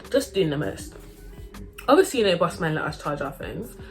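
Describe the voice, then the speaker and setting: A young woman tells a story in a casual, slangy way. Her voice sits lowish, and she acts out everyone she talks about. Faint music plays underneath. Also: very animated, moderate pace.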